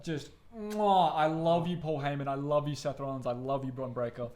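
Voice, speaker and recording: A man's voice: on the high side, fairly even intonation, normal speed, darkish tone. An Australian man co-hosting a wrestling podcast, chatting casually and ranting with swearing and laughter. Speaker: podcast co-host. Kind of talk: casual chat.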